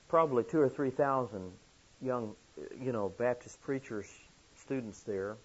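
A man preaching a sermon, telling a story earnestly, with sudden emphatic rises in pitch. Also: husky. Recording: dull lo-fi recording.

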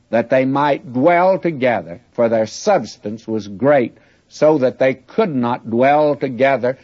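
A man's voice: medium pitch, darkish tone. A man preaching a folksy, conversational Bible sermon with friendly asides to the listeners. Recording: muffled older recording.

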